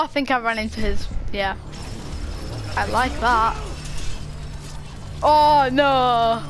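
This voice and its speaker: A woman giving excited, giggly commentary while playing a game, yelping and shouting at what happens on screen. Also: a little high. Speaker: gaming video host.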